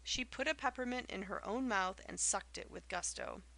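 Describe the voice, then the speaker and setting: A woman narrating an audiobook in a measured literary storytelling manner. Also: mid-range voice, vocal fry, bright, forceful tone, rough recording. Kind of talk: scripted narration.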